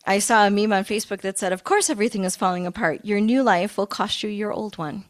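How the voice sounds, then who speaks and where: A middle-aged woman minister giving a sermon in a conversational, expressive way, with playful asides. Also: mid-range voice, fast talker.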